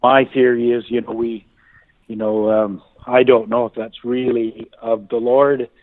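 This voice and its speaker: A man's voice: medium pitch, level tone, measured pace. A man calling in to a show, rambling and chuckling as he talks. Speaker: caller. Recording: dry, tinny phone line.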